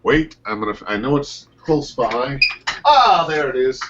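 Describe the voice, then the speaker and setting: A man, a voice actor, telling stories from his career in a casual interview over a video call, his pitch leaping up and down as he talks. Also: unhurried, muffled recording, noisy background. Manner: animated storyteller, pitch leaps up and down. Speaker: voice actor guest.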